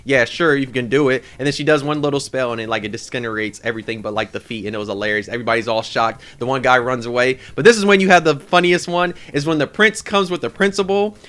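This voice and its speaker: Fast, bright-voiced young man reviewing anime. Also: medium pitch. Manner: excited, rambling retelling with lots of "like".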